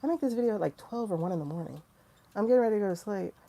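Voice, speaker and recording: Gravelly-voiced woman in profane, candid talk. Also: medium pitch, very fast. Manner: candid, profane, animated storytelling with quoted asides. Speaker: tarot livestream host. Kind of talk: casual livestream monologue.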